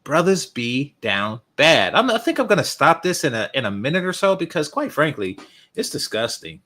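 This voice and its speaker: A man's voice: a little high, huge pitch swings, a little fast, a bit bright. Scornful man doing reaction commentary. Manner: scornful, mocking. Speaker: reaction video host. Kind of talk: commentary over a clip.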